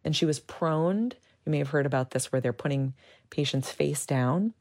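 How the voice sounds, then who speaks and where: A woman's voice: deep voice, moderate pace. A woman who works as a hospital chaplain, recalling her experiences in a candid, rambling interview. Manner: animated, rambling storytelling with fillers.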